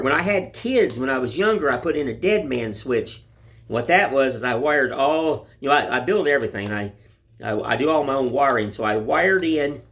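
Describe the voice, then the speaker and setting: A man's voice: mid-range voice, fairly bright tone. Folksy rambling man. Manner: folksy, rambling, plain-spoken. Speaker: woodcarving vlogger. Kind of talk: casual chat while whittling. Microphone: phone camera.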